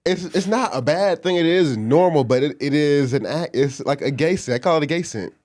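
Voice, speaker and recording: A man's voice: a little high, lively intonation, fairly quick, a little mellow, no echo. A man from Dallas, co-hosting a casual chat, blunt and laughing as he pushes his point. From Dallas, Texas. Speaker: podcast co-host.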